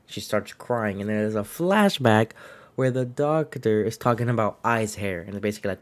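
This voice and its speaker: A young man with a somewhat low voice chats his way through a comic review. He restarts sentences often and keeps it loose and unpolished. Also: lively intonation, normal speed. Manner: rambling, chatty, frequent restarts and laughs. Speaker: manga reviewer. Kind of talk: casual video review.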